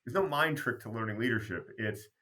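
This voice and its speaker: Bright, animated storytelling man. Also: medium pitch, fairly quick. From Canada. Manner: animated storyteller who acts out remembered dialogue. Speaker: guest, basketball program founder. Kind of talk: casual interview storytelling.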